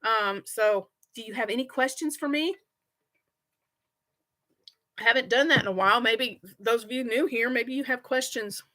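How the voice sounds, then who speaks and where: A woman's voice: a little high, moderate pace, pauses often, sharp tone. A middle-aged woman hosting a crochet livestream, chatting casually and rambling with viewers and laughing often. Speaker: crochet channel host.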